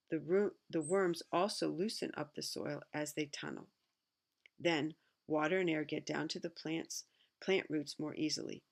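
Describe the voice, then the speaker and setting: A middle-aged woman with a low, gravelly, creaky voice reads a children's picture book out loud. Between passages she keeps stopping to toss in chatty remarks of her own.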